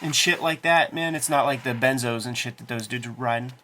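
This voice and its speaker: Bright-voiced profane cartoonist, animated talker. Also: male voice, mid-range voice, a little fast, slight background noise. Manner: profane, acts out movie lines with put-on tough-guy voices. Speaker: cartoonist co-host. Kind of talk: casual chat about comics.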